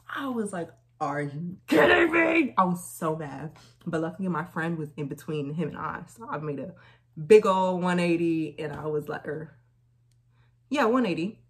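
A young woman chatting casually through a try-on haul, telling stories in lively slang. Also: low-pitched, normal speed, a crowd in the background. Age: young adult. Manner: chatty, animated storytelling with slang. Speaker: vlogger.

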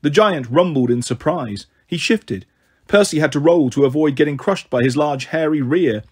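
Husky-voiced male storyteller. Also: fairly high pitch, moderate pace. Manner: steady, even storytelling read. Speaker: audiobook narrator. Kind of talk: scripted story narration.

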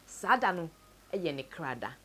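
Soft-spoken Ghanaian woman telling a sad story. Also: very animated, moderate pace, a little hiss or hum. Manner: tells a sad story, switches between Twi and English, voice sinks low and soft. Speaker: interviewee. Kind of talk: personal story told to camera.

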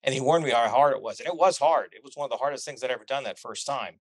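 A middle-aged man, a pilot guest on a podcast, telling lively stories in casual chat and laughing at his own tales. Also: medium pitch, fast talker, dry recording.

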